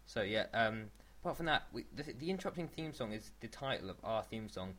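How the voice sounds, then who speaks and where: Rambling low-voiced podcast guy. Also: animated, a little fast, fairly bright tone. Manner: rambling, restarts mid-sentence. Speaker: podcast co-host. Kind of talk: casual podcast chat.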